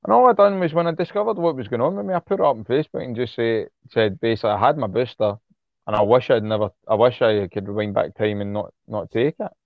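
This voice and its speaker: A man's voice: medium pitch, quick pace, gravelly, dry recording. Guy ranting on an interview, swears, repeats himself, dry close sound, kinda muffled. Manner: blunt, heated, swears freely, repeats words when worked up. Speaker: interview guest. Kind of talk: impassioned casual interview talk.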